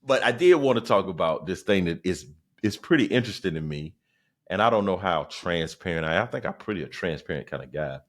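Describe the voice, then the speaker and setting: A man in his forties from South Carolina with a Southern accent, a stand-up comic hosting a podcast in a loose, slangy, animated monologue. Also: sits low, fairly quick. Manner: animated, slangy, repeats phrases. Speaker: podcast host, stand-up comedian.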